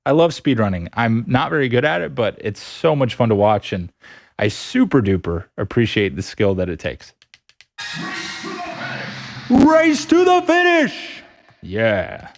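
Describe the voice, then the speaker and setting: A man's voice: fairly low pitch, normal speed, gravelly. A man streaming a video game live, upbeat and playful as he chats with his viewers. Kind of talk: casual live-stream chat while gaming. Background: game music.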